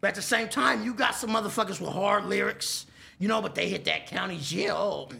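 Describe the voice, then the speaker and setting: A man being interviewed, talking loudly in casual street slang and swearing freely. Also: high-pitched, fairly quick, creaky. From Texas. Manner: loud, animated street talk with frequent profanity. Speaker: interview guest.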